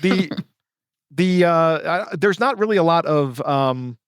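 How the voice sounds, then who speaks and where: A man co-hosting a podcast, recounting news stories in a casual, halting way with many fillers and self-corrections. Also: on the high side, expressive, clear, resonant tone, no echo, studio quality. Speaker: podcast co-host.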